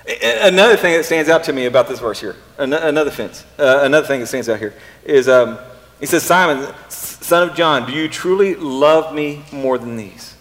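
A pastor preaching a casual sermon, often pausing and repeating words as he thinks aloud. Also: on the high side, expressive, fairly bright tone. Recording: long reverb in a hall.

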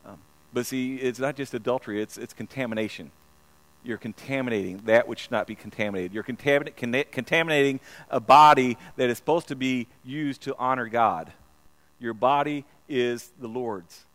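A man's voice: medium pitch, normal speed, fairly bright tone. A man preaching a sermon in a church, earnest and repeating himself, often stumbling and restarting his words. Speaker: pastor.

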